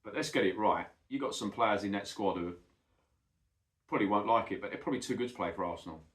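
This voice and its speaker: A man's voice: lowish voice, fast. A middle-aged man, ranting bluntly and swearing a lot in a casual monologue, calling the listener "mate". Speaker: football vlogger. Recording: echoey room.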